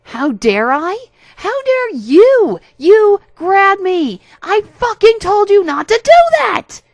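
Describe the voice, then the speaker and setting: A woman's voice: mid-range voice, normal speed, dry recording, natural voice. A woman voicing a harassed young woman student who angrily tells a classmate to leave her alone. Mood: furious. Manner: shouting angrily, far from the mic.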